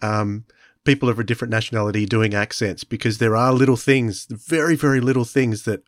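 Enthusiastic co-host. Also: male voice, medium pitch, fairly even intonation, fairly quick, no room sound, studio quality. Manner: enthusiastic, reassuring, stumbles over words. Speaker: podcast co-host. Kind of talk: conversational interview.

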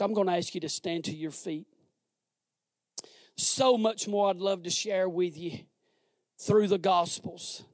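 A male pastor preaching a sermon in a conversational, exhorting way, swinging from hushed words to shouted emphasis. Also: high-pitched, no room sound, studio quality. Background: instrumental music underneath.

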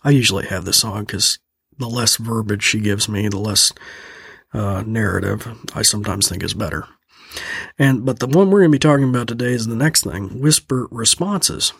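A man hosts a tech training show, walking through steps in a folksy, chuckling casual tutorial. His fairly low voice is gravelly, slightly rough, and a bit bright, at a normal pace. He's close on a studio mic with no echo.

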